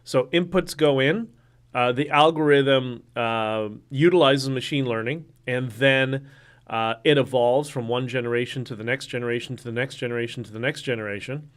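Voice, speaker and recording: A man's voice: mid-range voice, moderate pace. Rambling man hosting a livestream. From Canada. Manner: rambling, many fillers and restarts. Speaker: livestream host. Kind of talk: casual solo livestream reading viewer comments.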